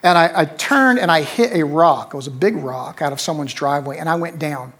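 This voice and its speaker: Middle-aged preacher guy, high voice, chatty storytelling sermon, says things twice and asks "right?" a lot. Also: a little fast, fairly bright tone, husky. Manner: conversational storytelling, repeats phrases, checks in with "right?". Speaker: pastor.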